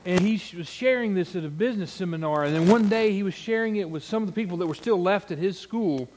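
A man's voice: high voice, quick pace, darkish tone, a little hiss or hum. A middle-aged man preaching a sermon, telling folksy, humorous stories and acting out the quotes in them. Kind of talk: sermon with storytelling.

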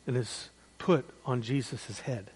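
A man preaching a sermon as pastor, swinging between loud, emphatic peaks and hushed, quiet drops. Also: mid-range voice, unhurried, breathy edge, poor audio. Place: church.

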